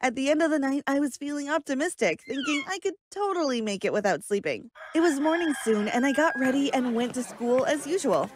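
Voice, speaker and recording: A woman's voice: sits high, expressive, brisk, few pauses, noisy background. A woman reading a scripted first-person story with earnest, dramatic delivery. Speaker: story narrator.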